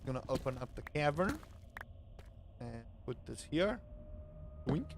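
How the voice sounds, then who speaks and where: A man streaming a game, chatting casually and playfully with his viewers, sometimes bursting into loud, excited hype. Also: mid-range voice, unhurried, background noise. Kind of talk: casual live-stream chat.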